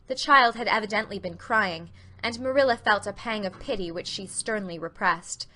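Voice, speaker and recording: A woman narrating a dramatic audiobook reading with clear, expressive storytelling. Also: medium pitch, moderate pace.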